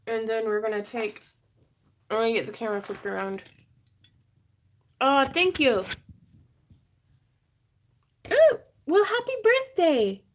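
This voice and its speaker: A woman's voice: on the high side, lively intonation, takes it slowly, pauses often, a little hiss or hum. A woman hosting a craft livestream, chatting with viewers and giggling as she demonstrates wire wrapping. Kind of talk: casual livestream chat and tutorial. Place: home craft room.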